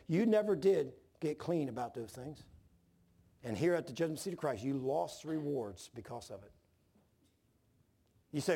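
A man's voice: a little high, vocal fry, husky. A man preaching a sermon, telling folksy stories and acting out the voices in them. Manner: folksy, animated storytelling, acts out voices in anecdotes. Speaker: pastor. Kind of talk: sermon with storytelling.

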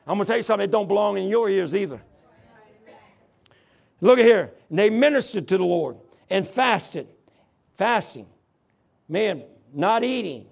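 A man in his sixties preaching a sermon in church, mixing scripture with personal testimony in a folksy, earnest storytelling way with rough grammar. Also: sits high, lively intonation, moderate pace, pauses often.

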